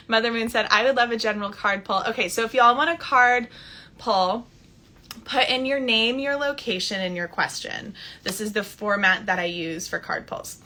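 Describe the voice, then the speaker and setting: A woman in her thirties, a spiritual coach, talking casually on a live stream with warm enthusiasm and frequent laughter. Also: a little high, moderate pace. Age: 30s. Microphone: phone.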